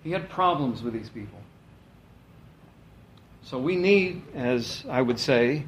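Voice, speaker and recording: A man's voice: a little high, expressive, unhurried, pauses often, reverberant, slight background noise. A man preaching a sermon in a conversational, folksy way, with asides and stories. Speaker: pastor.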